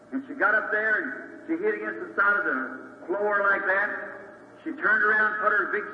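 A man preaching, telling a dramatic story in plain folksy speech and acting out the voices of the people in it. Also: sits high. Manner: dramatic storyteller, folksy grammar, acts out quotes. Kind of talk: sermon testimony storytelling. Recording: echoey, dull lo-fi hall recording with faint hiss.

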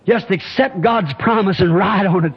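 A man preaching a revival sermon, telling a folksy story in plain rural speech and building to shouting climaxes. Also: high-pitched, normal speed, slightly rough. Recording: dull lo-fi archival tape with faint hiss.

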